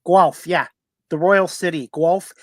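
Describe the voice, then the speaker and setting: A man's voice: a little high, normal speed, fairly bright tone. Conversational male talk show host. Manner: friendly, rambling, conversational questions. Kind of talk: live-streamed interview.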